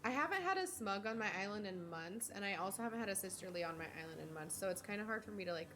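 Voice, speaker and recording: A woman's voice: mid-range voice, animated, rapid-fire, over music. Chatty young woman streaming a game. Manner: chatty, rambling, talks to chat, swears casually. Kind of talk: casual gameplay chat.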